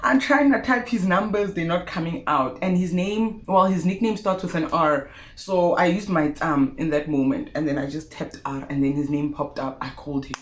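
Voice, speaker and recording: A young South African woman telling a personal story to her viewers in a vlog, expressive and animated. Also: low voice, normal speed, hardly any pauses. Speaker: YouTuber. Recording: roomy echo.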